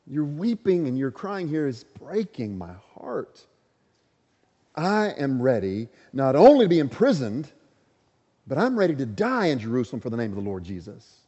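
A man putting on a heartbroken but unshakable apostle, speaking earnestly. The tone is mellow and dark. The dull recording carries a long reverb. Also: mid-range voice, big pitch swings, normal speed, breathy edge. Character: the apostle Paul, resolute and heartbroken.

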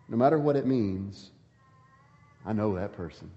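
A man's voice: a little fast, mellow, big-room sound, muffled recording. A man preaching a sermon as pastor, emphatic, rising and falling sharply as he reads scripture and drives home his points. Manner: emphatic preaching with dramatic swings in pitch and volume.

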